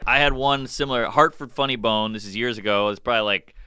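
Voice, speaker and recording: A man with a very bright, crisp voice tells stand-up stories in a podcast chat. He acts out what people said with sudden leaps in pitch. The sound is close and dry. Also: fast, no echo. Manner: acts out quotes with big jumps in pitch. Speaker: stand-up comedian telling stories. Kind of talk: podcast chat, comic storytelling.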